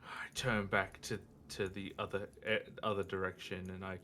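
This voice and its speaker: A man playing a tabletop game, thinking aloud about his moves in a halting, casual way. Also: low-pitched, level tone, pushed and bright, slight background noise. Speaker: player. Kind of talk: casual tabletop gameplay talk.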